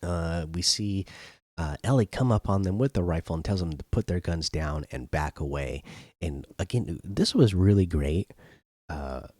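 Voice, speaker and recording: A man's voice: low voice, expressive, moderate pace, a little mellow, no echo, clean studio sound. A man hosting a show, retelling an episode casually with many fillers and restarts. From not British. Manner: loose, filler-heavy retelling. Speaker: host. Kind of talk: casual spoken recap.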